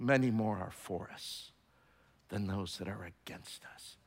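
A man preaching a sermon, emphatic and repetitive, swinging from hushed tones to shouting. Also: lowish voice, a little slow. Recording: long hall reverb.

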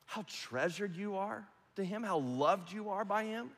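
A male pastor with a voice slightly high for a man preaches in a large church hall where a long echo trails each phrase. Expressive and unhurried, he swings between loud, ringing, rising appeals and soft, hushed passages close to a whisper.

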